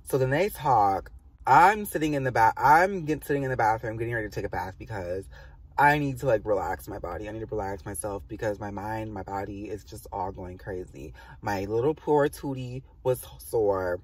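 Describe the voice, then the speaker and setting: A young man casually telling a storytime on his vlog, animated and swearing a lot, with many "like" fillers. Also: fairly low pitch, moderate pace, slightly rough, far from the mic. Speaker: vlogger.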